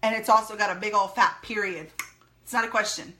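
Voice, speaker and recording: Woman coaching a sales team, bright tone, upbeat, repeats key phrases. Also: mid-range voice, fairly even intonation, fairly quick. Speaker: sales team leader and trainer. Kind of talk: recorded training talk.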